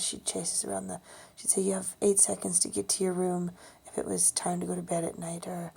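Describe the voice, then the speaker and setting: A woman telling a personal memory in a soft, often whispery voice, halting with ums and restarts. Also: lowish voice. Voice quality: breathy, gravelly. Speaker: storyteller sharing a personal memory. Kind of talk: personal storytelling monologue.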